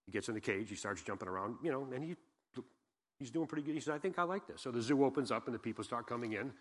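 A man preaching as a guest pastor, folksy and chatty as he tells a story and reads scripture. He keeps asking his listeners questions. His voice sits at an ordinary middle pitch, and a long reverb from the church hall trails behind it. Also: fast talker. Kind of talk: sermon with joke and scripture reading. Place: church sanctuary.

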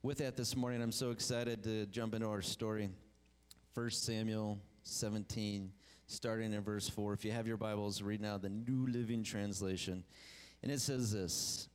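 A male pastor preaching a sermon, reading scripture aloud and lifting his pitch on key phrases. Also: fairly even intonation, normal speed, smooth. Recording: long church reverb.

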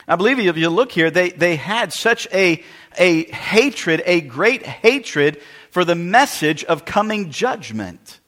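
Man preacher, high and bright, emphatic sermon delivery that swells and falls, long hall reverb. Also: big pitch swings, takes it slowly. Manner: emphatic preaching with wide swings in loudness.

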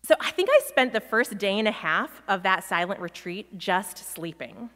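A woman pastor giving a sermon in a reflective, measured way, pausing often. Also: medium pitch, lively intonation, fairly bright tone. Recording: long reverb of a large hall.

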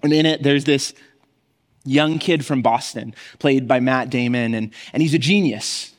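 A man's voice: medium pitch, unhurried, big-room sound. A man preaching a sermon in a conversational way, often restarting his words and acting out the voices he quotes. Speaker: pastor.

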